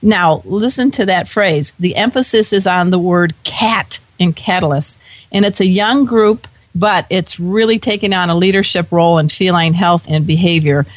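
A woman's voice: lowish voice, normal speed, no echo. A woman hosting a pet radio talk show, bubbly and enthusiastic with playful asides.

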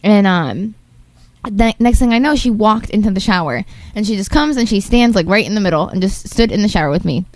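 A woman chatting casually on a radio talk show, relaxed and full of filler words. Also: mid-range voice, fairly quick, dry recording. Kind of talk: casual on-air radio chat.

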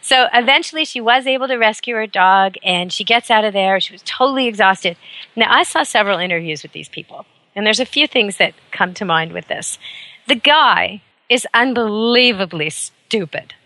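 A woman's voice: medium pitch, lively intonation, moderate pace, pushed and bright, no echo. A woman hosting a talk radio show, telling a story in an emphatic, opinionated monologue.

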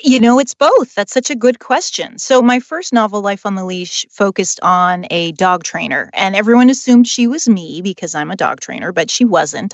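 Woman guest, mid pitch, eager and talkative, dry close mic. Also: no echo. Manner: enthusiastic, chatty. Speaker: author and dog trainer. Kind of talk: interview guest.

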